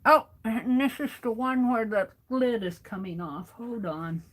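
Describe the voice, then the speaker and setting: Working on crafts during a livestream, an American host talks both to her viewers and to herself, sometimes moving off-mic. Her voice is fairly high and unhurried.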